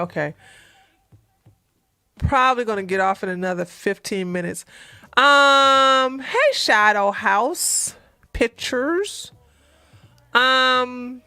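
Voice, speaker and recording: A woman's voice: mid-range voice, pushed and bright, dry recording. A woman hosting a livestream, chatting casually in a rambling way, laughing often and answering viewer comments. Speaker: livestream host.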